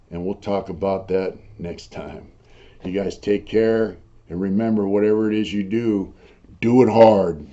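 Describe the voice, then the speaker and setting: An older man telling his own prison stories in a rough, profane, rambling way, full of fillers. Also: lowish voice, warm tone. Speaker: host recounting prison life. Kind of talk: casual storytelling monologue. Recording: dull lo-fi recording.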